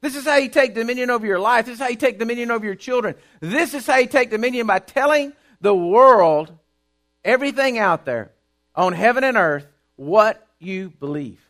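High-voiced preacher, shouting in bursts. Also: male voice, expressive, fairly quick. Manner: rising to shouting, emphatic repetition. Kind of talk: sermon.

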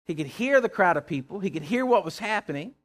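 A man preaching a sermon, emphatic, with call-and-response, swinging from loud to hushed. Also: sits high, expressive, fast talker. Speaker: pastor.

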